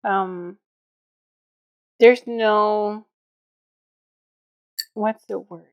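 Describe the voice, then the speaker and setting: A woman co-hosting a podcast, mostly giving soft, brief listening replies. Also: medium pitch, steady tone, very slow, smooth. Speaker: podcast co-host. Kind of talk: casual chat. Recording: slightly dull audio.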